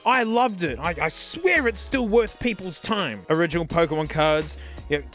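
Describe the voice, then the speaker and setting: Host: young Australian guy, high-pitched, excitable and jokey, faint music under him. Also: normal speed. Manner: excitable, jokey, laughs often. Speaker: YouTube host. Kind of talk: casual nostalgic commentary.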